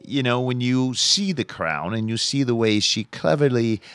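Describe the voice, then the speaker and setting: Brief: man doing a pompous faux-British aristocrat, overblown and theatrical, mid-pitched, close and dry. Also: animated, moderate pace, a bit bright, clear, resonant tone, no echo. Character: pompous American man posing as a British gentleman. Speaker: improv comedy performer. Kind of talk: improvised comedy scene.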